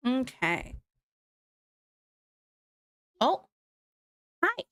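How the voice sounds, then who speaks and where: A woman's voice: high voice, huge pitch swings, extremely slow, fairly bright tone, dry recording, clean studio sound. A woman livestreaming and chatting casually with her viewers, talking in a scattered way and laughing often.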